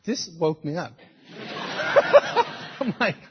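A middle-aged man preaching a sermon, telling personal stories in an animated way and acting out the voices of the people in them. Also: on the high side, slow pace, muffled recording, noisy background. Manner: storytelling, animated, acts out quoted voices. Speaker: pastor.

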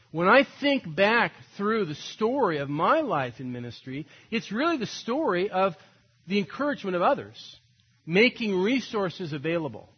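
A man's voice: high voice, husky, lo-fi sound. An older man preaching a sermon, telling stories animatedly and acting out quoted voices. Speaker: pastor.

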